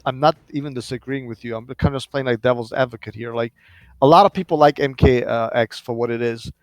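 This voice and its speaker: A man's voice: mid-range voice, no room sound. A man on a casual gaming podcast who explains his points at length, filling them with "like" and "right?". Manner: measured, explaining, many fillers.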